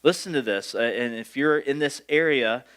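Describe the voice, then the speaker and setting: A man's voice: mid-range voice, moderate pace, a bit bright, smooth. A man, the pastor, preaching a sermon in a conversational way, with asides and playful impressions of parents.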